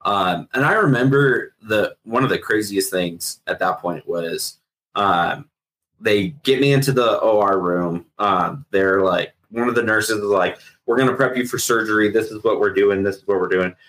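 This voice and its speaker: A man's voice: fairly low pitch, normal speed, low-quality recording. A middle-aged man, a retired sheriff's investigator, telling his story in a casual interview, acting out what others said. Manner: animated retelling with acted-out quotes and laughs.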